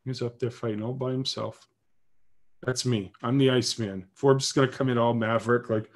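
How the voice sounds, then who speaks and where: Man, casual monologue, rambling, opinionated, middle pitch. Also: fairly even intonation, fairly quick. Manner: rambling, opinionated, uses "like" often.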